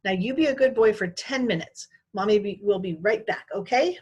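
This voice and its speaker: A woman's voice: mid-range voice, expressive, normal speed, a little mellow, slightly rough, muffled recording, pitched above the performer's own voice. A woman voicing a harried young mother, anxious and coaxing.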